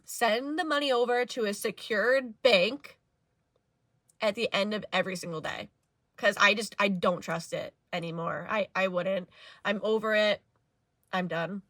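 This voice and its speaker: Young woman, vlog rant; bright, forceful voice, dry close sound, exasperated and chatty. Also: medium pitch, moderate pace, no room sound. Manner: exasperated, animated, many fillers. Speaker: vlogger. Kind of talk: personal rant to camera.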